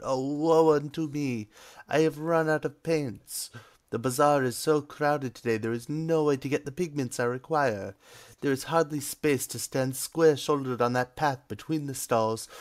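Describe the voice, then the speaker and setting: A man's voice: mid-range voice, pitched above the performer's own voice, close to an everyday voice. A man voicing a dramatic old male Renaissance master painter with a put-on, cheesy Italian accent and a woeful, grandiose way of speaking.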